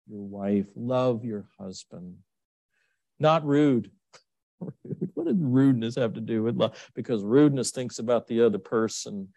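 A man preaching a sermon, telling stories with lively swings into a high excited voice. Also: dry recording. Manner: animated storytelling, jumps to high excited pitch. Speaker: pastor.

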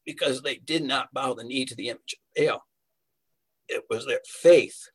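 A man's voice: mid-range voice, moderate pace, slightly rough, low-quality recording. A man preaching a verse-by-verse Bible sermon, earnest and emphatic, asking rhetorical questions as he teaches.

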